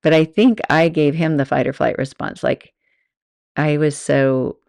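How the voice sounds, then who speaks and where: A woman's voice: sits low, fairly even intonation, a little slow, creaky, a little mellow, no room sound, clean studio sound. A woman host and yoga teacher telling stories in a chatty, rambling way, laughing often. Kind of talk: casual storytelling monologue.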